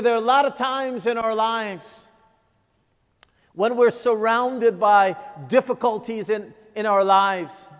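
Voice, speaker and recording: A preacher with a high-pitched voice delivers his sermon slowly and emphatically, leaning on dramatic pauses. His words ring out with a long reverb, as if from a large church sanctuary.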